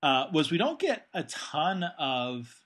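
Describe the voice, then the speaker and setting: Bright-voiced man podcast co-host. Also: on the high side, very animated, takes it slowly. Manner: hesitant, lots of fillers. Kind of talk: casual chat.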